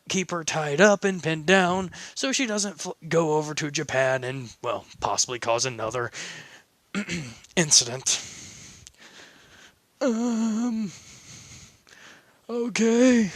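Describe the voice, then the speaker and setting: A man's voice: on the high side, a bit bright, dry recording. A man voicing a young adult relative on the phone who teases with a wry, matter-of-fact manner. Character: teasing older mafia relative on the phone, amused young man.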